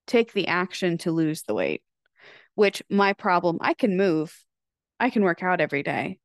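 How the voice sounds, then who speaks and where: A woman in her thirties talks straight into a close podcast mic, chatty and candid. She swears freely and sounds like she is confiding in the listener. The room is dry and dead, with a middle-pitched voice. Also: fairly bright tone, clear, resonant tone, no room sound. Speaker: podcast host. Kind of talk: casual confessional podcast monologue.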